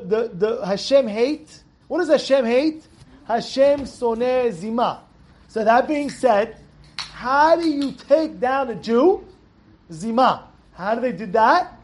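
A man giving an informal Torah lesson, full of rhetorical questions and repeated, restarted words. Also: very high-pitched. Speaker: Torah teacher.

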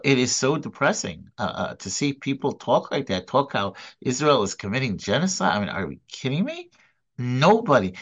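Halting, earnest man teaching a class. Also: mid-range voice, a bit bright, dull audio. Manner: halting, many repeated words and restarts; earnest, emphatic. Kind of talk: informal recorded lecture.

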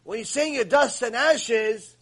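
A man teaching a long religious lecture, telling stories in an animated way and acting out the voices. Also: very high-pitched, unhurried. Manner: animated storytelling, acts out voices.

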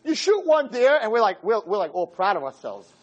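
A man, a rabbi, giving an animated, joking talk to teenagers and acting out little scenes as he goes. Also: sits high, a little fast, highs cut off. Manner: acts out voices of boys and girls, jokey, punchy.

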